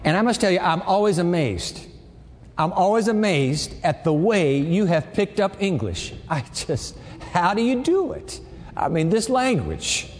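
A man preaching in a large hall, his voice sitting a little high and moving all over the place, rising and falling. Long reverb trails behind his words as he swings between bursts and quiet asides. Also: measured pace. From raised partly in Japan. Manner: lively, conversational preaching with sudden swings from loud to quiet. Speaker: campus pastor. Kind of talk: sermon.

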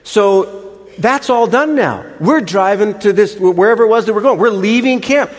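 A man's voice: sits high, moderate pace. Older male preacher in a reverberant hall. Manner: animated, chatty storytelling with restarts. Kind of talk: storytelling sermon. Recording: long reverb of a large hall.

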